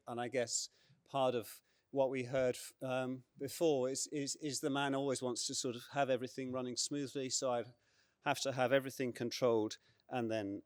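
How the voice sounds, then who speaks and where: Earnest halting man, dry close sound. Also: mid-range voice, dry recording. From England. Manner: earnest, halting with many fillers and repeated words. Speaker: panelist. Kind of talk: conference panel talk.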